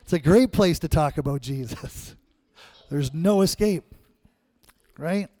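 A man preaching a sermon as pastor, calling out questions to the congregation and swinging between loud, emphatic lines and quiet asides. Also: on the high side, slow pace, dry recording. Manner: call-and-response, asking the congregation questions.

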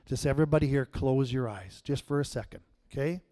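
A male pastor preaching a sermon in church, telling stories and acting out voices, swinging between loud and hushed. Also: mid-range voice, brisk. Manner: animated storyteller, acts out quotes, swings from loud to hushed.

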